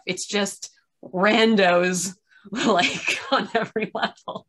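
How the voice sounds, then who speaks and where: A woman's voice: mid-range voice, steady tone, slow, a bit bright. A tired woman hosting a casual chat from her room at home, full of fillers and rambling asides, on a video call. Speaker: podcast host. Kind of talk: casual discussion.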